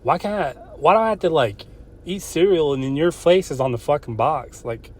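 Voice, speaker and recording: A man's voice: a little high, expressive, normal speed. A man who calls himself an old man, hosting a podcast and ranting in a profane, rambling way, often restarting his sentences. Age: older. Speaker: podcast host. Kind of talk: casual solo podcast rant.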